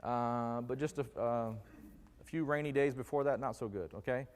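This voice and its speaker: Speaking in a smooth, slightly mellow mid-range voice at a moderate pace, a man preaches a conversational sermon in a church sanctuary. He jokes and quizzes the congregation, his voice ringing with the long reverb of the church hall.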